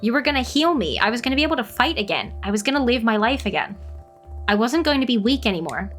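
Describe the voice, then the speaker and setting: Woman doing a desperate warrior woman, pleading, urgent, higher voice, soft music bed. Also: lively intonation, close to an everyday voice. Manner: pleading, emotional, rushed. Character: desperate young woman warrior who lost her strength.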